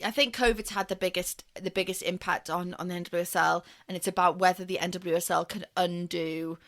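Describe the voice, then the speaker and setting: A woman's voice: on the low side, fairly even intonation, brisk, a bit bright. Playful chatty woman co-host. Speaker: podcast co-host. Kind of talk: casual football chat.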